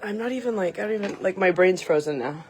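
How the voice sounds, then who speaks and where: A woman's voice: medium pitch, expressive, quick pace. A woman livestreaming on her phone, out of breath and chatting with her viewers. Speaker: vlogger. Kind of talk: casual livestream chat. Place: outdoors in a snowstorm, then indoors at home. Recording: phone mic with wind noise. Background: wind and noise.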